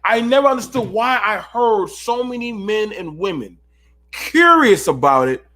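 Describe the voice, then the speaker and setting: Man, late-night host, high voice, preaching rhetorical questions at his audience. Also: very animated, a little slow, bright, forceful tone. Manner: preachy, rhetorical, talks to viewers. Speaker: channel host.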